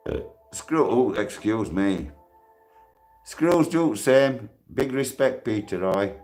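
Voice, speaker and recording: A man in his sixties talking casually on a live stream, giving shout-outs and speaking bluntly and heatedly, with free swearing. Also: mid-range voice, measured pace, faint music behind. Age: 60s.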